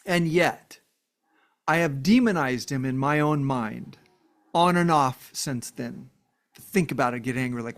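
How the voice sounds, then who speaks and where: A man's voice: medium pitch, moderate pace. A man giving an earnest, emphatic casual monologue, speaking directly to his viewers. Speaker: vlogger. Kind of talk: casual heartfelt monologue to camera.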